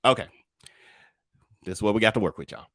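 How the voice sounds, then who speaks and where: A man's voice: on the low side, a little fast, fairly bright tone, dry recording, clean studio sound. A man commenting on true crime, reading court transcripts aloud and talking casually to his listeners. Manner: casual, addresses listeners as y'all.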